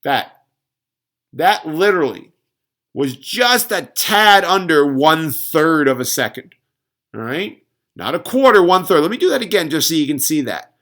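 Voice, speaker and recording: A man's voice: a little high, very animated, measured pace, fairly bright tone. A middle-aged man ranting sarcastically in a casual home cooking vlog. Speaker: fitness vlogger. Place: home kitchen.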